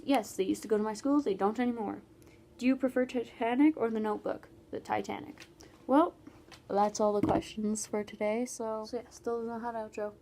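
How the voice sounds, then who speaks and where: Chatty Canadian teen girl, mellow voice. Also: fairly high pitch, a little hiss or hum. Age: teenager. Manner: chatty, with many "like"s and trailing asides. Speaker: vlogger. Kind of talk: casual Q&A vlog.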